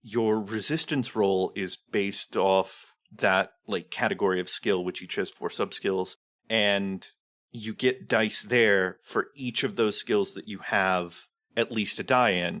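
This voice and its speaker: A man's voice: on the low side, slow, a bit bright. A man guesting on a podcast, explaining game design in a thoughtful, casual way and leaning on lots of "like" fillers. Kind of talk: casual chat about tabletop games.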